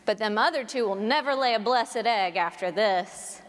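A woman playing a burly, blunt rural farmer who talks in a slow, plain-spoken drawl. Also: mid-range voice, in a large hall, close to an everyday voice. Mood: deadpan.

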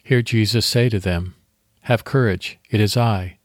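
A man hosting a devotional podcast, reading scripture slowly and leading a guided meditation. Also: lowish voice, no echo, clean studio sound.

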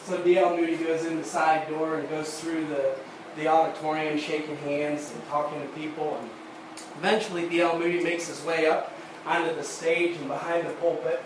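A man preaching a sermon, telling a story at a halting pace with repeated words, then building to fervent emphasis. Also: on the high side, little pitch movement. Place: church sanctuary. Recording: echoey room, distant mic, noisy.

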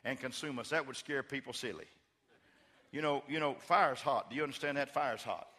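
A man preaching in a church with a bright, forceful voice that rings out in a long hall reverb. He moves between hushed, playful retellings of scripture and rising, fervent calls to the congregation. The delivery is a lively mix of humor and fire. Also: mid-range voice, brisk. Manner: swings from quiet storytelling to loud fervent preaching. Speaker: pastor. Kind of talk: sermon. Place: church sanctuary.

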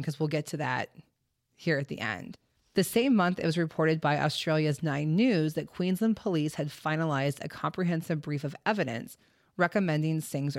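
A woman's voice: sits low, no room sound, clean studio sound. A woman hosting a true crime podcast, telling the story in casual, chatty talk full of fillers and the odd swear word. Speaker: podcast host.

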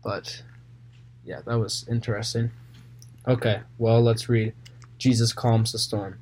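A man reading Bible passages aloud and retelling them casually in his own words, with fillers and pauses. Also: mid-range voice, steady tone, darkish tone, husky. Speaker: Bible reader.

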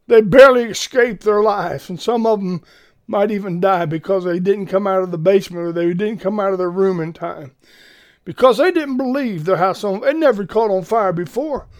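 A man's voice: high-pitched, normal speed, a little mellow. A man hosting an informal preaching podcast, talking in an earnest, folksy and urgent way.

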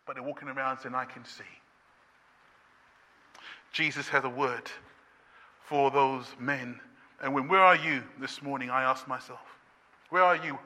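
A man preaching a sermon as pastor, impassioned and building to shouts with repeated refrains. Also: medium pitch, steady tone, measured pace, long pauses. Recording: long reverb of a church hall.

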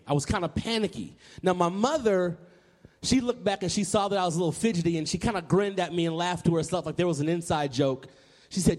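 A high-voiced man in his 30s from Nashville, Tennessee, US, tells a story to a live audience in a hall, speaking fairly quickly. The public speaker is animated, repeats words and acts out remembered voices.

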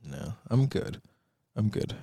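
A man's voice: fairly low pitch, big pitch swings, slow, vocal fry, dark tone, no room sound, clean studio sound. A young man co-hosting a casual podcast, with wry comebacks and frequent laughs. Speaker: podcast co-host. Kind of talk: casual chat.

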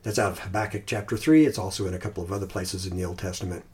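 A man's voice: low-pitched, darkish tone. Thoughtful man hosting a faith podcast. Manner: thoughtful, halting, with restarts and slow recited phrases. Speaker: podcast host. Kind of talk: casual podcast chat about Christian meditation.

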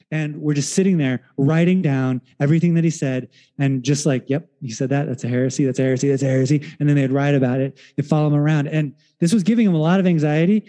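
A man preaching a sermon in a relaxed, conversational storytelling way, with fillers and restarts, who acts out the voices of the people in his story. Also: fairly high pitch. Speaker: pastor.

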